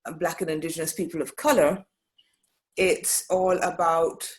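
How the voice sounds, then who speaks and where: A woman's voice: deep voice, fairly even intonation, moderate pace. A woman co-hosting a podcast in casual conversation, speaking emphatically and repeating phrases for weight. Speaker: podcast co-host.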